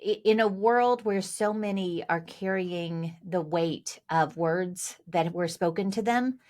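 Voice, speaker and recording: Woman, podcast host, lowish voice, thoughtful, measured. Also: darkish tone. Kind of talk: podcast conversation.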